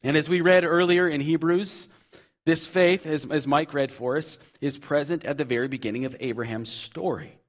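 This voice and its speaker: A pastor preaching a sermon, earnestly and with repetition, rising to loud emphasis and dropping to soft, low asides. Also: male voice, moderate pace.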